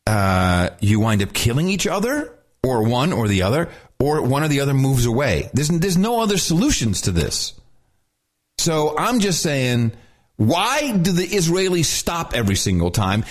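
A man co-hosting a podcast, talking in a casual, exasperated, ranting way. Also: mid-range voice. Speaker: podcast co-host.

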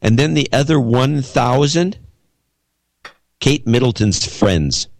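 A man's voice: mid-range voice, animated, slow pace, darkish tone, no echo. A man co-hosting a podcast in casual chat, asking skeptical, probing questions. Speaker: podcast co-host.

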